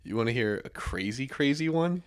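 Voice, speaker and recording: A young man hosting a casual podcast, telling stories in a relaxed way with lots of fillers and restarts. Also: mid-range voice, normal speed, clear, resonant tone.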